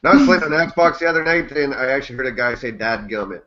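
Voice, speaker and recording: A man's voice: on the high side, very fast, fairly bright tone, lo-fi sound. A Canadian man co-hosting a casual chat, rambling, joking and swearing freely. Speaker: co-host.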